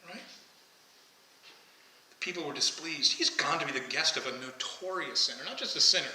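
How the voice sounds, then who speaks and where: Man, pastor, sermon, high bright voice, roomy church echo. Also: moderate pace, a little hiss or hum. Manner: conversational, asks the congregation questions. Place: church sanctuary. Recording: echoey church hall, faint ambience.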